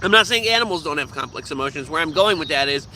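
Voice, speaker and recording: A man ranting casually to camera as a vlogger, profane and animated, slipping into quoted voices. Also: fairly high pitch, quick pace, a little hiss or hum.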